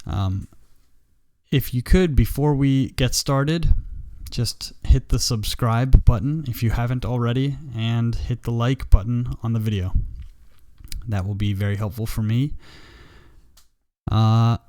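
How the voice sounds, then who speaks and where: A man teaching a live English grammar lesson, patient and slow, repeating example sentences for learners. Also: medium pitch, dark tone, no echo, studio quality. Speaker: ESL teacher.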